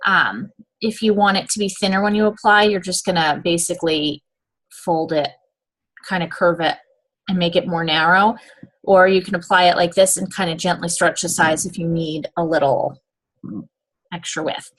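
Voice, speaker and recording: A woman's voice: fairly low pitch, steady tone, moderate pace, a bit bright. A woman giving a casual step-by-step nail application demonstration, checking in often with "okay?". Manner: chatty, step-by-step instructions with frequent "okay?" check-ins.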